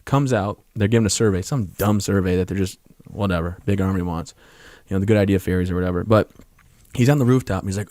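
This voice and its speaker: A man's voice: deep voice, dark tone, no echo, studio quality. A man in his thirties, an army veteran and podcast guest, telling stories casually and acting out the lines of people in them. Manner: fast-talking, acts out quoted dialogue in his stories. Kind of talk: casual interview storytelling.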